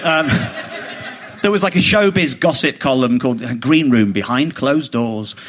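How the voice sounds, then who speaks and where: A man, a comedian guest on a chat podcast, telling an animated, indignant story and mimicking other people as he goes. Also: medium pitch, moderate pace, background noise. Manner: animated, indignant, quotes others in mock voices.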